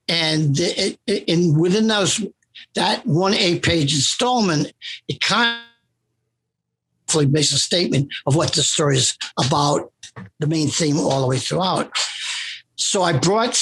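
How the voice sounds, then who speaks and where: A man's voice: on the high side, a bit bright, breathy edge. An older man, a comic writer, telling a long story in an interview and acting out both sides of an old phone call.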